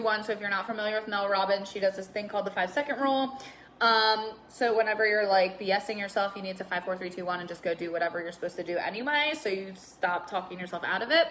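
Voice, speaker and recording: A woman's voice: on the high side, sharp tone. A woman hosting a casual live stream, chatty and earnest, with lots of "like" and fillers. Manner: chatty, heavy use of "like" and fillers; open and earnest.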